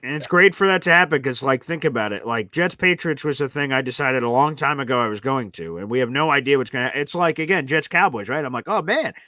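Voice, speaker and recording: A young man hosting a live sports call-in show, chatty and quick in his back-and-forth with callers. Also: mid-range voice, sharp tone, dry recording. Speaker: podcast host.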